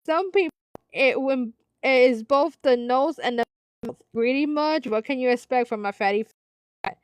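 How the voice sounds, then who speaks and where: A woman's voice: high voice, moderate pace, smooth, no echo, poor audio. A woman hosting a live stream, reading online posts aloud and commenting on them between frequent fits of laughter. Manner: giggly, breaks into frequent laughter.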